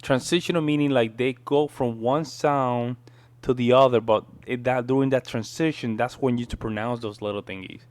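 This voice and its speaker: A man's voice: medium pitch, fairly even intonation, moderate pace. A man whose first language is Spanish, chatting casually as he reacts to a video and often says "man". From Spanish-speaking country. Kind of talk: casual commentary.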